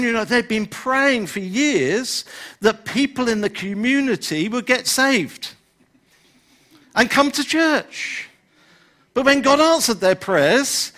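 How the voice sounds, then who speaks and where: A man's voice: high voice, a bit bright. An older man, preaching a sermon in a conversational way and often saying "you know". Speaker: pastor.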